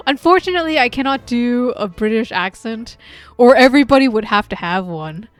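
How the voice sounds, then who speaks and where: A woman's voice: a little high, lively intonation, fairly quick, clear, resonant tone, no echo, faint music behind. A woman streamer chatting casually over a story game, playful and giggly. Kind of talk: casual let's-play commentary.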